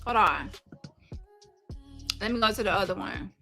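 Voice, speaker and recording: A woman's voice: mid-range voice, animated, unhurried, vocal fry, pushed and bright, soft background music. A woman hosting a casual livestream, blunt and gossipy, talking straight to her viewers. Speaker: livestream host.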